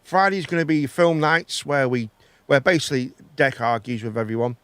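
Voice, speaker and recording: A man's voice: medium pitch, brisk, a bit bright, clean tone, dry recording. A man, hosting a casual live chat show, rambling and joking as he talks. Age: 30s. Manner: rambling, jokey, trailing off. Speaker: host.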